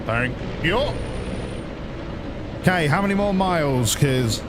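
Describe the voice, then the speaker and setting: A man's voice: on the high side, lively intonation, takes it slowly. Chatty British man over road noise. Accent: British English. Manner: chatty, crude, joking, talks to himself. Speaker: streamer playing a truck driving game. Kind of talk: casual rambling commentary. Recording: loud road and engine noise behind.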